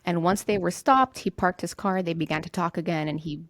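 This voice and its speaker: Young woman with a gravelly voice, telling a story. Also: lowish voice, a little fast, no echo. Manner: conversational, loose, swears casually. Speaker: podcast host. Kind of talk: casual true-crime storytelling.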